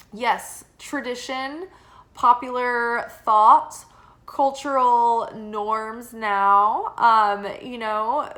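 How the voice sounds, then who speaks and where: A woman's voice: medium pitch, bright, forceful tone. A woman giving a casual tarot reading, chatty and full of fillers, who laughs easily and sometimes reads passages aloud from a guidebook. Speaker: tarot reader.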